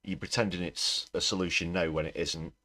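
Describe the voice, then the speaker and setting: A man's voice: deep voice, steady tone, fairly quick, pushed and bright. A man hosting a livestream, reacting to news clips with wry, dry commentary. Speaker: livestream host.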